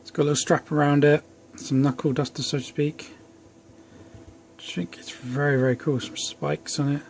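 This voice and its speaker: A young man rambles chattily through a home review of an action figure, with self-deprecating asides. He speaks at a moderate pace in a high-leaning, gravelly, darkish voice with a level tone. Faint background noise is audible.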